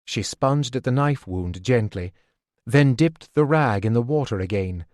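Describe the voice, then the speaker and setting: A man narrating a fantasy audiobook in a steady, measured storytelling voice on a close studio mic. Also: mid-range voice, no room sound. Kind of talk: scripted narration.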